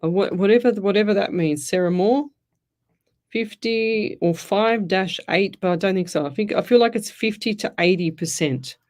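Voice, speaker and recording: A woman's voice: medium pitch, moderate pace, a little mellow. An Australian woman hosting a live radio call-in show as a psychic medium, chatty and rambling as she reads out listener questions. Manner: chatty, rambling, thinks aloud with frequent restarts. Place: radio studio.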